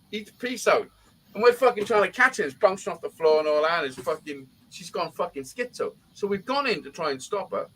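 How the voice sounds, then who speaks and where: A man's voice: sits high, a bit bright, a little hiss or hum, rough recording. A middle-aged man, telling a rambling story in casual chat and swearing constantly.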